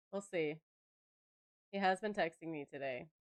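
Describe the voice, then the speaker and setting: A young adult woman chatting casually on a game stream, telling stories animatedly with laughter and acted-out quotes. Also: lowish voice. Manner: animated storyteller who laughs and acts out quotes. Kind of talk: casual live-stream chat.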